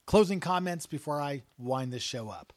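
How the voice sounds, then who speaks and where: A man's voice: on the high side, animated, moderate pace, no room sound. A man hosting a Christian radio talk show, telling stories and urging listeners not to fear. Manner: earnest and encouraging, rising to exhortation.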